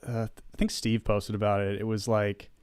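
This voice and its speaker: A man's voice: fairly low pitch, level tone, fairly quick, a little mellow, smooth, dry recording, studio quality. A young man co-hosting a podcast, talking casually in a sarcastic, joking, rambling way. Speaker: podcast co-host. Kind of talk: casual chat.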